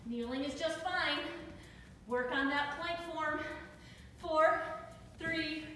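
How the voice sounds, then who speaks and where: A woman's voice: sits high, takes it slowly, bright, forceful tone, slight background noise. A young woman leading a workout, giving upbeat encouraging cues and counting down reps while out of breath. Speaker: fitness instructor. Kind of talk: live workout coaching. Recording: echoey room with reverb, mic far off.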